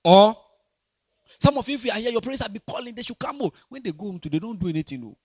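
A man preaching a sermon to young people, animated and repetitive, swinging between quiet talk and shouting. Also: sits high, quick pace, husky, dry recording, studio quality. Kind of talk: sermon to a youth congregation.

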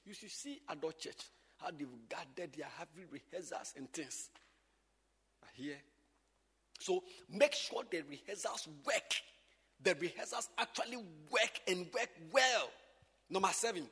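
A man's voice: fairly high pitch, normal speed, husky, in a large hall. A man, teaching church workers in an emphatic, repetitive way. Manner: animated, emphatic, repeats points.

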